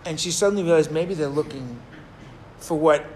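A man teaching a Torah class, telling a story in an animated, digressive way and acting out the people in it. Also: fairly high pitch, moderate pace, a little hiss or hum. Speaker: rabbi teaching.

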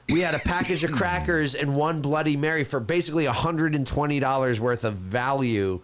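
Animated young man telling a story. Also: fairly high pitch, quick pace, hardly any pauses. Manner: animated, acts out quoted people, swears freely. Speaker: podcast co-host. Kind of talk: casual storytelling chat.

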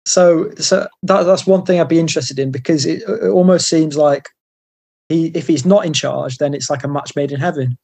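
A man's voice: on the high side, normal speed, vocal fry, a little mellow, husky. A man co-hosting a casual football podcast, agreeable and thinking aloud with hesitations. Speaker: podcast co-host.

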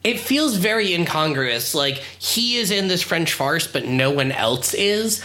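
A speaker in relaxed casual chat, full of "like" and "um" and freely swearing. The voice is bright and sits at a middling pitch. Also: a little slow.

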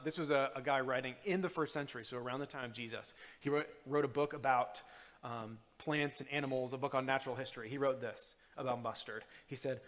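A man preaches a sermon at a church, in a relaxed, conversational way that stumbles and restarts often. His voice sits in a middle register. The sound carries a long echo from the hall. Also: mid-range voice. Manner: casual and halting, with many fillers and restarts. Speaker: guest preacher.

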